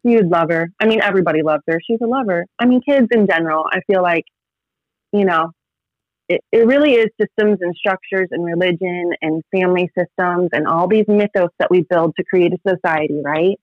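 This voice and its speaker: A woman's voice: on the low side, brisk. Woman guest, thirties, casual rambling storyteller; tinny phone-line audio, no room echo. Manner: rambling, heavy use of "like" fillers. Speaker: podcast guest.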